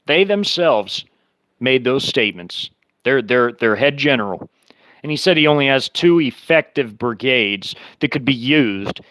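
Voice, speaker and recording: Male host, middle pitch, emphatic and repetitive commentary, dry recording. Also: a bit bright, dry recording, rough recording. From United States. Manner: emphatic, repetitive, alarmed and indignant. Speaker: show host. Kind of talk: casual commentary monologue.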